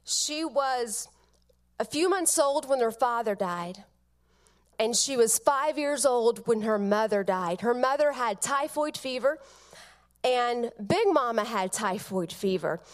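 A middle-aged woman giving a funeral eulogy, telling family stories tenderly with soft pauses. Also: a little high, lively intonation. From Georgia, United States.

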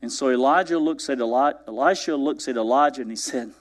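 A man's voice: mid-range voice, a little fast. A man preaching a sermon, retelling scripture with acted-out dialogue and questions to the congregation. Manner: animated storytelling, acting out biblical dialogue.

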